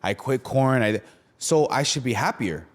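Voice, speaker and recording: A man's voice: mid-range voice, unhurried. A young man hosting a podcast, talking about faith in a casual, slangy way and often checking in with "right?". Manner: slangy, animated storytelling with lots of "right?". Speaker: podcast host.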